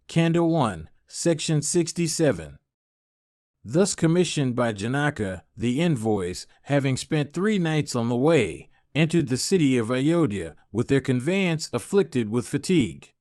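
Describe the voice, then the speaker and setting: A man narrating an audiobook of an old epic translation in a measured, even reading. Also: medium pitch, no echo, studio quality.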